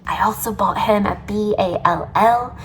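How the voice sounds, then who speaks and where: In a home vlog, a woman who handles a service dog chats casually about him and his food, now and then pausing to talk to her dogs. She speaks at a medium pitch and moderate pace, close to tears with joy, with background noise audible.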